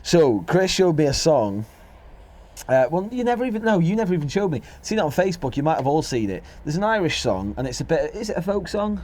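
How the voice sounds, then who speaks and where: A man's voice: on the high side, big pitch swings, fairly quick, a little mellow. A young Welsh man with a Welsh accent, co-hosting a podcast in casual chat, telling a rambling, chatty anecdote. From Wales. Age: young adult. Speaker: podcast co-host.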